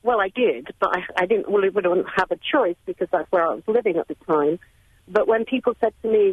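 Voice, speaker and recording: A woman's voice: mid-range voice, a little fast, breathy edge, no echo. A middle-aged woman calling a radio show, speaking hesitantly with nervous laughs. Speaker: caller. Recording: tinny phone line.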